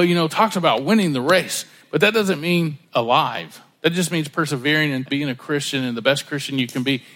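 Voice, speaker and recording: A man's voice: fairly high pitch, fairly bright tone, in a large hall. A middle-aged male pastor preaching in a conversational way, acting out the voices of people he quotes. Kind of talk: sermon.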